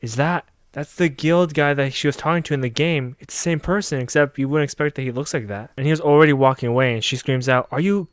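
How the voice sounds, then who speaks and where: A young man recapping an anime in casual, profane comedy style, with sarcastic mocking asides and raised pitch when quoting girls. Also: steady tone, fast talker, few pauses, smooth, no room sound.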